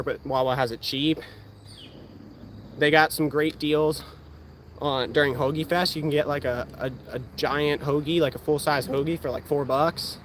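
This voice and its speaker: A man's voice: medium pitch, a little hiss or hum. A young man vlogging in casual chat, talking enthusiastically with viewers. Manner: chatty, enthusiastic, recommending food.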